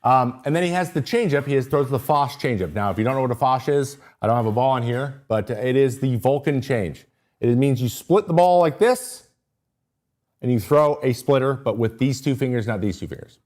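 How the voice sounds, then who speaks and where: A male podcast host, speaking at a moderate pace, goes over pitchers during an informal livestream. He gets worked up, wanders onto tangents, and often interrupts himself.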